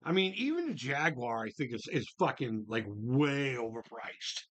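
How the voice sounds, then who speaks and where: A man's voice: mid-range voice, sing-song, normal speed, fairly bright tone. A man hosting a casual live stream, answering viewer chat, swearing freely and exclaiming in disbelief as he rambles with restarts. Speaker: livestream host reading viewer chat.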